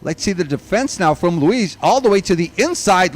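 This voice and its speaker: A man giving live race commentary, excitable and bursting out at big moves, also reading out long lists of drivers. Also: high-pitched, moderate pace, few pauses.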